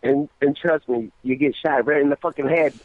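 A man's voice: a little high, fairly even intonation, moderate pace. A man on the phone, furious, cursing and threatening. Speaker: prank call target. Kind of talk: angry phone argument. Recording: tinny phone line.

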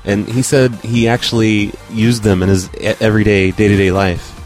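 A low-voiced man rambles through a casual chat as co-host, laughing easily along the way. Faint music plays underneath. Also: flat delivery, moderate pace, darkish tone. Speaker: podcast co-host.

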